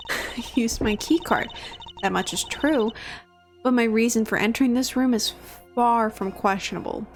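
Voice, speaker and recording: A woman's voice: on the high side, normal speed, faint music behind, lightly acted. A woman reading aloud as a haughty, indignant woman prosecutor accused of murder in a video game. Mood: defensive.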